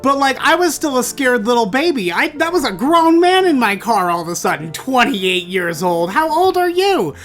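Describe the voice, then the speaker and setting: Animated man telling a comedic story. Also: very high-pitched, moderate pace, few pauses, faint music behind. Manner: animated, theatrical, bursts into exclamations. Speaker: storytelling podcast host.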